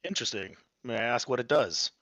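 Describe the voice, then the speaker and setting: A man's voice: medium pitch, animated, fast talker, fairly bright tone, no echo. A man playing in a tabletop game, speaking casually and courteously. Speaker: player.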